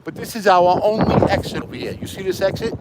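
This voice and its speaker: A man with a slightly high voice rambles casually to his live-stream viewers and greets them by name. He talks into a handheld phone outdoors, and heavy wind roars across the mic. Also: lively intonation, fast. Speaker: livestreamer. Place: outdoors in a windy flooded parking lot, then in a car.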